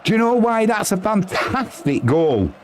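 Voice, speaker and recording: A man doing chatty live football commentary, reading out viewer messages and yelping with excitement at goals. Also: a little slow, a little hiss or hum. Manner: chatty and excitable, bursting into high yelps at goals.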